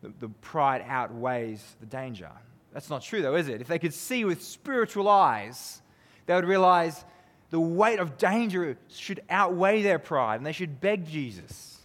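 A man preaching a sermon, earnest and conversational, who keeps asking his listeners tag questions and swings from emphatic peaks down to low, quiet lines. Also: animated, measured pace. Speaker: pastor. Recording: long reverb of a hall.

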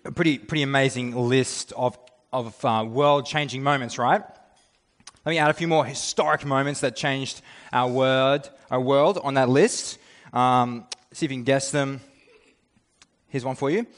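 Man, pastor, casual chatty sermon, mid-pitched voice. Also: a little slow. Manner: casual, conversational, with fillers.

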